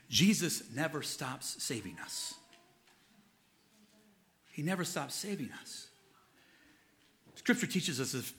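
A male pastor delivers a passionate sermon in a slightly bright voice. He builds to fervent, emphatic highs, then drops into low, earnest passages.

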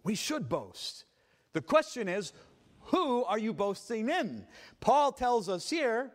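A man preaching a Sunday sermon as pastor, emphatic and swinging between quiet passages and loud ones. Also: very high voice, very animated, takes it slowly.

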